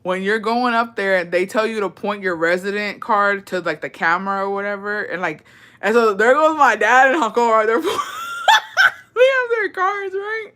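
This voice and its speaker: A woman telling a casual storytime, profane and animated, mixing in Spanish phrases and laughing often. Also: medium pitch, brisk. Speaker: vlogger.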